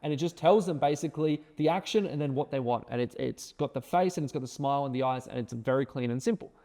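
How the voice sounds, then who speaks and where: A man's voice: mid-range voice, fast talker, warm tone, in a large hall. A man teaching an online course, talking emphatically with lots of repeated words and tag questions like right and okay. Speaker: course instructor. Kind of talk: screen-share tutorial.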